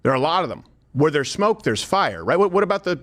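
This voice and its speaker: Man, commentary host, scripted narration, animated intonation, argumentative. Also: a little high, quick pace. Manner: emphatic, argumentative, addresses viewers directly.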